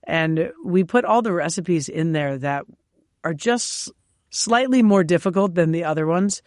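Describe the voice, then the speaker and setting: A woman chef from New York, a guest on an interview show, telling lively stories with frequent laughs and fillers. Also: lowish voice, measured pace, no echo, studio quality. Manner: animated storyteller, laughs often, many fillers. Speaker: chef and cookbook author, guest. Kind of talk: casual interview chat.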